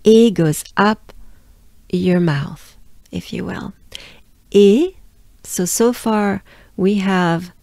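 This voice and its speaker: A woman's voice: lowish voice, slow pace, vocal fry, a little mellow, no room sound, clean studio sound. A woman from France with a French accent, patiently teaching pronunciation and repeating sounds many times. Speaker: pronunciation coach. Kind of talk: pronunciation lesson.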